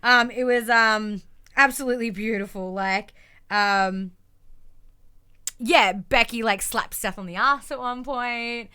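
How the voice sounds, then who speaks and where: A young woman co-hosting a podcast in casual chat, animated and chatty, with lots of filler words and casual swearing. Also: fairly high pitch, slow, clean tone. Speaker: podcast co-host.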